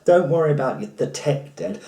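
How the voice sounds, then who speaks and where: A man voicing a male politician's aide who pitches a cause in a persuasive, salesy way. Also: lively intonation, brisk, creaky, dark tone. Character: smooth-talking male politician's aide campaigning. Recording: roomy, from far off the mic.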